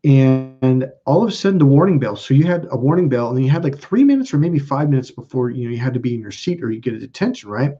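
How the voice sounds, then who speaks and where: A man's voice: medium pitch, very animated, fast talker, few pauses, dark tone, husky, highs cut off. A man telling a personal story as a self-help video host, rambling and cutting himself off mid-sentence. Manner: rambling, self-interrupting, casual with profanity.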